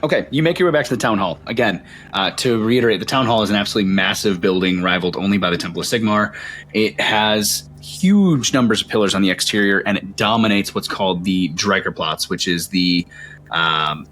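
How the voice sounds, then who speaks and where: A man's voice: lowish voice, a little fast, fairly bright tone, a little hiss or hum. A man narrating a fantasy tabletop game as game master, describing scenes in a loose, rambling way with fillers.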